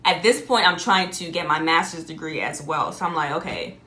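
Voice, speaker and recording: A young adult woman telling a personal story in a casual, animated way, often laughing and jumping up high on exclamations. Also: brisk, echoey room. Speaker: vlogger.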